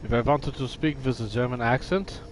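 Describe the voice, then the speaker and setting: A man's voice: mid-range voice, fairly quick, noisy background. A man streaming a video game, chatting casually and profanely with his viewers in a joking way. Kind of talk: casual live-stream chat.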